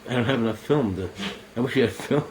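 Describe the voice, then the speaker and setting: A man's voice: mid-range voice, quick pace. An older man, a veteran, talks straight into a camera mic at home, bitter and accusing. He curses his listeners outright in a middling voice. A faint hiss sits under the recording. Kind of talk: angry monologue to camera.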